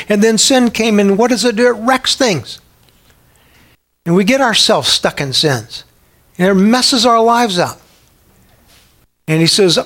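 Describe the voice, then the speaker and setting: A man preaching a sermon in an animated way, acting out the voices he quotes. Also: a little high, measured pace. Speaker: pastor.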